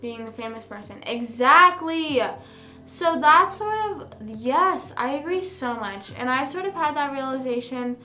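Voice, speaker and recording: A young woman host chats casually with her viewers, rambling along with plenty of fillers and false starts. Her voice sits a little high, and it carries some room echo. Music plays clearly in the background. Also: a bit bright. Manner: rambling, self-correcting, many fillers. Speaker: livestream host. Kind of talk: casual chat with live viewers. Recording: roomy sound with music behind.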